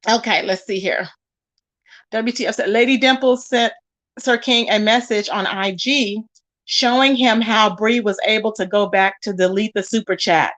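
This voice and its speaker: An animated woman hosts a casual livestream, reading comments from her chat. She reacts with quick exclamations and bursts of laughter. Her voice sits a little high. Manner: animated, laughs often, calls viewers baby and child.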